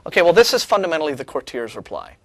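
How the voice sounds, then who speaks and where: A man's voice: on the high side, sing-song, very fast, no room sound. A man co-hosting a talk show, chatting casually in a sarcastic, rambling way with many restarts. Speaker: co-host of a call-in show. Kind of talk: casual chat.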